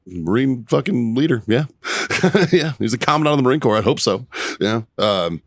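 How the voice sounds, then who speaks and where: A man in his thirties, a former Marine co-hosting a podcast, swearing freely and telling animated stories with bursts of laughter. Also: medium pitch, moderate pace, no echo, clean studio sound. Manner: profane, animated storytelling with laughter. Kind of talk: casual profane banter and storytelling.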